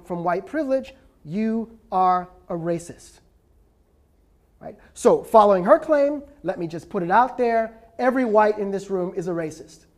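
A man's voice: high voice, a little mellow. An emphatic male professor delivers a lecture to a live audience, pressing his points and fielding questions. He keeps checking in with his listeners, tagging his points with a questioning "right?".

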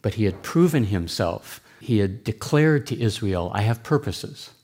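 A man giving a sermon in a church, speaking. His delivery is earnest and deliberate, plain and explanatory. His voice sits fairly low. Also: animated, a little mellow. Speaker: pastor.

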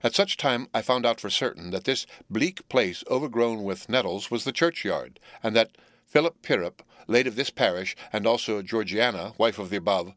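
A man narrating a classic novel as an audiobook, with a measured, deliberate reading. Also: on the low side, a bit bright, no echo.

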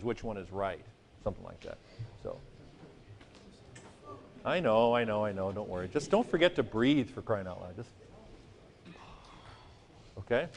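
A man lectures a class in a mid-pitched, everyday voice. He keeps it light and joking. To make a rule memorable he sings short vowel sounds. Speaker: Greek teacher.

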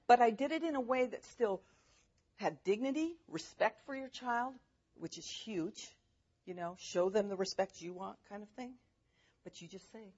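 A woman speaking as a mother giving faith-based parenting advice, animated and chatty, laughing often as she talks. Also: medium pitch, brisk, slightly rough, highs cut off.

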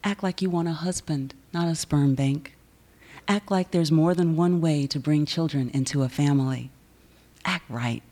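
Low-voiced woman poet reading aloud. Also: mellow. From Southern United States. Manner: measured, rhythmic recitation with chatty asides between poems. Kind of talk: poetry reading. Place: university reading event.

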